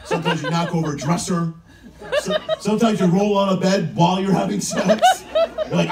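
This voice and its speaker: A man in his forties doing a crude, animated stand-up comedy routine in a cruise ship comedy lounge, shouting his punchlines. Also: sits high, a little fast, heavy background noise. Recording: roomy lounge, far from the mic, with crowd laughter. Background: audience laughter.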